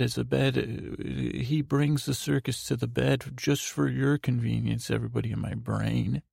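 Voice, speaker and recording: Brief: male sleep-podcast host, heavy vocal fry, detached and tired, meandering delivery. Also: mid-range voice, steady tone, normal speed, hardly any pauses, a little mellow, no room sound, clean studio sound. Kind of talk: rambling sleep podcast monologue.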